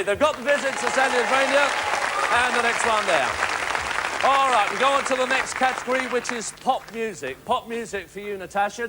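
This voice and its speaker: A man hosting a family game show, chatty, teasing and upbeat with young contestants. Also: very high-pitched. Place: TV studio with live audience. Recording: 1980s TV studio with loud audience and noise.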